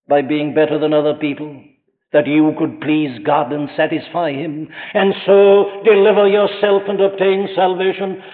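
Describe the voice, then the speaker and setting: A man's voice: high-pitched, long reverb tail, phone-quality sound. Man preaching on a thin archive recording. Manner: emphatic, asks the listener rhetorical questions; slows down and rises for stressed phrases. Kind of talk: sermon.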